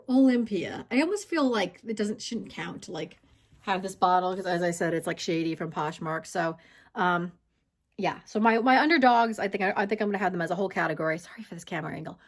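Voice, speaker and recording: Chatty, slightly breathless woman vlogger. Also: mid-range voice. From United States. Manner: chatty, self-correcting, stumbles over names. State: a bit out of breath. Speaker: perfume vlogger. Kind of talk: casual vlog ranking. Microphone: handheld phone gimbal.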